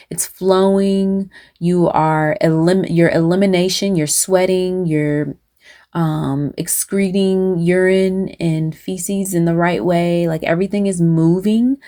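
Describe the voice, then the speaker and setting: A woman with a low-leaning, warm voice addresses her viewers directly as she channels a spiritual message. She meanders without a script, using many fillers and restarts, asking "right?" often and pausing to consult spirit.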